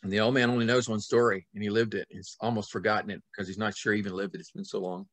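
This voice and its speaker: Dry-sounding man telling a lively story. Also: fairly low pitch, quick pace, dry recording. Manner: lively, acts out scenes with sudden loud and soft swings. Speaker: author guest. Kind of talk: animated storytelling in conversation.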